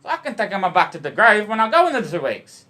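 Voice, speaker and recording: An Australian vlogger rambles to camera, swearing nonstop and spinning loose wordplay about emotion and love, often calling out to "boys." His voice is high-pitched, sing-song, fast, bright, and forceful.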